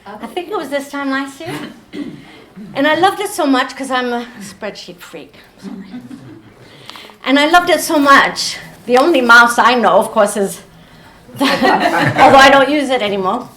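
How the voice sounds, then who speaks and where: A woman's voice: sits high, lively intonation, moderate pace, fairly bright tone. A woman chatting casually at a folk club night, laughing and self-deprecating as she introduces a poem. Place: folk club room with an audience. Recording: echoey room with faint noise.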